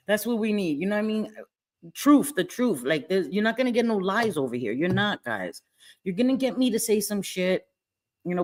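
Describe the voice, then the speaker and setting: A middle-aged woman hosting a casual live stream from home, talking bluntly with lots of swearing and frequent laughter. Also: fairly low pitch. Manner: blunt, profane and laughing often. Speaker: livestream host.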